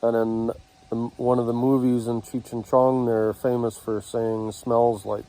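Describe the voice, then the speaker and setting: A man teaching communication techniques, speaking in short halting phrases with pauses between them. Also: mid-range voice, flat delivery, mellow, a little hiss or hum, low-quality recording. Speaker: communication instructor. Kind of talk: slow instructional talk.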